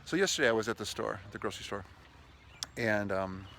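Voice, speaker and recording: Expressive and brisk, a man with a fairly low, bright, forceful voice records a casual outdoor vlog beside a lake where waves lap the shore. He chats enthusiastically, mixing stories with sales tips and turning to address his dog partway through. A little hiss or hum can be heard.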